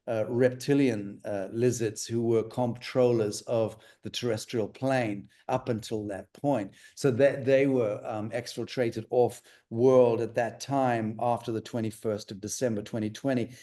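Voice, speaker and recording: A man's voice: medium pitch, warm tone. A man speaking as an interview guest in a rambling, conversational way, full of fillers and restarts.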